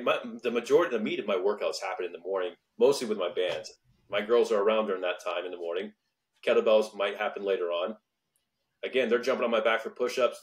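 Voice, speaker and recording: A man in his thirties hosts a podcast with an earnest, motivational delivery, hammering points home by repeating them. His voice is somewhat low for a man. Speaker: podcast host. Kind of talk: casual podcast conversation.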